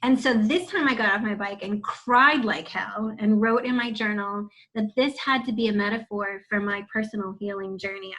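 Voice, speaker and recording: A woman's voice: fairly high pitch, a bit bright, rough recording. Candid storytelling woman in her forties. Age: 40s. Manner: candid storytelling, swears and laughs freely. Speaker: guest, founder of a wellness center. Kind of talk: casual video-call interview. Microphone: video call.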